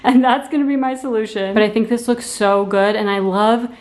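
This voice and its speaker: A woman's voice: fairly high pitch, fairly even intonation, brisk, a little mellow. An American woman chatting casually as a home decor vlogger, gushing and full of "like" fillers. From United States. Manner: bubbly, gushing, lots of "like" fillers. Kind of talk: casual chatty vlog narration. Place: at home, indoors. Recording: roomy echo at home.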